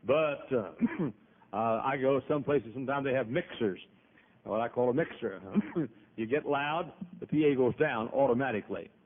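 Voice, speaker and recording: A man's voice: medium pitch, normal speed. A male pastor preaching a sermon in a church auditorium, folksy and emphatic, with frequent coughs. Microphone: PA microphone. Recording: tinny phone-like lo-fi audio.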